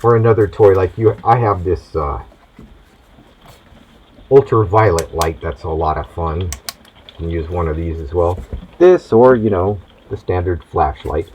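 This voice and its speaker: A man's voice: sits low, unhurried, pauses often, darkish tone, dull audio, slight background noise. A man hosting a comic monologue in a theatrical, hammy mad-doctor persona. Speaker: host.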